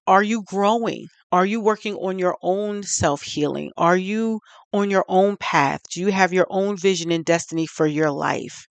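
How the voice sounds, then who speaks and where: A woman talks straight to her viewers about relationships, her voice carrying a gravelly fry. She asks pointed rhetorical questions one after another, candid and a little preachy. Soft music plays faintly underneath. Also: lowish voice. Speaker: relationship advice vlogger. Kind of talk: direct-to-camera advice talk.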